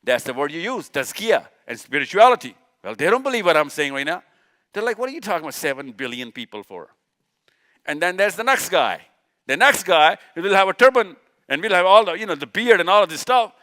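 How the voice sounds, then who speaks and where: A man from Pakistan, speaking at a live session, gives an impassioned religious lecture to a live audience in a high, sharp, animated voice at a brisk pace. He fires off rhetorical questions and repeats his points for emphasis.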